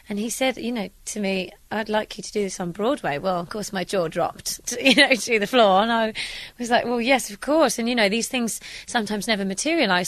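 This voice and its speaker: A woman's voice: medium pitch, a bit bright, no room sound. A young British woman, a stage actress, answering interview questions in a chatty, upbeat way with many restarts. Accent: British English. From England. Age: young adult.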